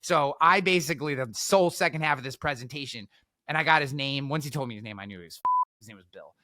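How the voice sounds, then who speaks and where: A man telling stories as a podcast guest, energetic, repeating words and acting out quotes. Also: mid-range voice, fast, no echo, clean studio sound. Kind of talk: animated storytelling.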